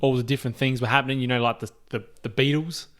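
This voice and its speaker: A man's voice: medium pitch, fairly even intonation, fast, fairly bright tone. Easygoing man chatting on a podcast. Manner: easygoing, laughs often, restarts sentences. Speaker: podcast co-host. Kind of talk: casual chat.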